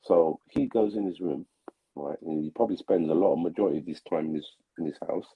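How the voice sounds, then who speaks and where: A man's voice: fast talker, slightly rough, lo-fi sound. A man hosting a live stream, chatting casually and rambling with many fillers. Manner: rambling, filler-heavy, mimics relatives in a loud high voice.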